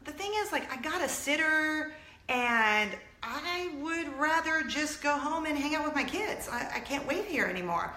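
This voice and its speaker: A woman's voice: sits high, normal speed, echoey room, voice pushed up. Woman doing an exasperated waiting mom. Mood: fed-up. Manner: flat, exasperated. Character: fed-up mother kept waiting at a restaurant.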